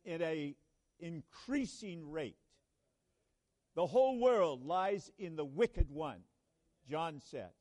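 At a church conference, a man with a fairly high, darkish voice preaches a sermon at a slow, measured pace. He speaks earnestly, halting to restart phrases, and at times rises suddenly into emphatic, ringing proclamations.

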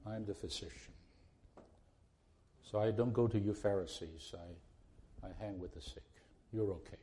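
A man's voice: on the low side, fairly even intonation, moderate pace, mellow. A man preaching a sermon to a congregation, earnest and pleading, often restarting his phrases before pressing a point hard. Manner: earnest, repetitive restarts, rising to emphatic pleas.

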